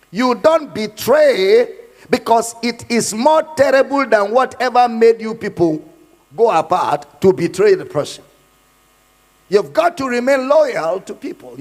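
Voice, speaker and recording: A man's voice: high voice, very animated, unhurried. A man preaching a sermon in a church, emphatic and given to repeating his points. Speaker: pastor. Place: church hall. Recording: hall reverb.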